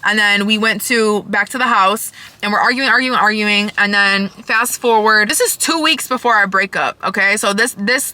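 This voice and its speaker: A woman's voice: medium pitch, bright, forceful tone. A young woman telling a storytime vlog in a heated, emphatic way, swearing freely. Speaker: vlogger.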